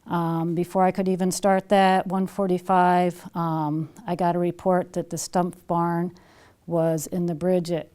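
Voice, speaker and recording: Woman, emergency responder, measured, flat delivery, smooth tone. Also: fairly low pitch. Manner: procedural, measured report. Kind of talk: documentary interview.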